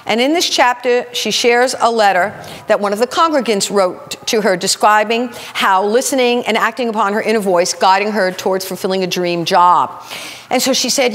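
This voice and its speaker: A woman minister telling stories in a sermon, acting out the people in them with lively shifts of voice. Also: medium pitch, brisk, in a large hall. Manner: animated, acts out the people in her stories. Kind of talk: storytelling sermon. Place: spiritual center sanctuary.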